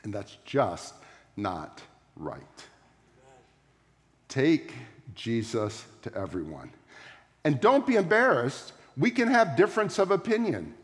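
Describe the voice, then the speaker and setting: A man, a pastor, preaching a sermon to a congregation in a large room, driving his points home with repeated words and sharp swings between loud and soft. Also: mid-range voice, big pitch swings, takes it slowly, pauses often. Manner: emphatic, repetitive preaching cadence with big swings in loudness. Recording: long hall reverb.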